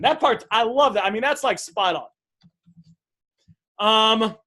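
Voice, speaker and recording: A man's voice: high-pitched, expressive, a little slow, pauses often, sharp tone. A man coaching viewers on sales messages, enthusiastic and repetitive, often addressing them as guys.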